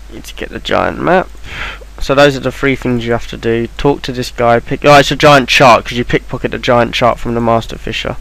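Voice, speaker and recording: A man's voice: mid-range voice, fairly bright tone, clear, resonant tone, poor audio. A man talking through a game walkthrough in an offhand, rambling way, with plenty of ums and restarts. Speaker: game guide maker. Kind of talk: casual game walkthrough voice-over.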